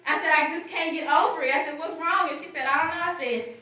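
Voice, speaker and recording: A woman's voice: high voice, steady tone, quick pace, pushed and bright. A woman giving a testimony from the pulpit, telling her story and acting out both sides of the conversation. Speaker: guest speaker. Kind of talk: testimony to a church congregation. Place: church sanctuary with congregation responding. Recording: roomy, distant church recording with crowd. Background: congregation calling out responses.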